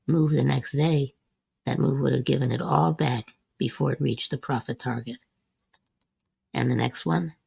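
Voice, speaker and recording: Man, host, trading lesson, heavy vocal fry, dry close sound, methodical. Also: medium pitch, darkish tone, no echo. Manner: methodical, repeats short refrains. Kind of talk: scripted market lesson over a chart screen.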